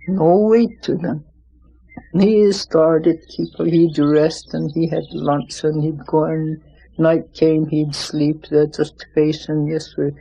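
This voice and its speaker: A storyteller telling a traditional legend in a slow, plain, unhurried way. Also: medium pitch, level tone, vocal fry, dark tone, breathy edge, low-quality recording.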